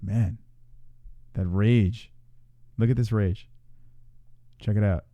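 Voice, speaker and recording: A man's voice: lowish voice, steady tone, slow, mellow, no echo, highs cut off. A man hosting a casual live stream, teasing his co-host and laughing with profane banter.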